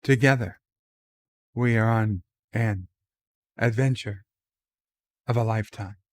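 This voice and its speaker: A man doing a comedic impression of a halting, grandiose male starship captain, with dramatic pauses between words. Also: lowish voice, no echo, studio quality.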